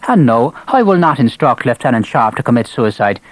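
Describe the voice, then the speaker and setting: A man's voice: medium pitch, big pitch swings, fairly quick, no room sound, rough recording. A man voicing a short-tempered male Irish engineer officer with an Irish accent, speaking bluntly. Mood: firm. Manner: blunt, exasperated.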